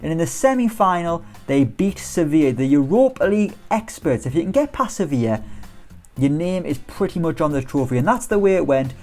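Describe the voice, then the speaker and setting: Man, animated pitch, upbeat football game commentary, soft music underneath. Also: a little fast. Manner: chatty, upbeat, rhetorical questions. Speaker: gaming YouTuber.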